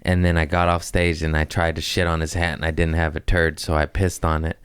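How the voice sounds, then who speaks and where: A man with a very low voice, recorded close and dry with no room sound. He talks like a comedian on a podcast, blunt and profane. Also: flat delivery, a little fast, clean tone, no echo. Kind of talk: casual podcast chat.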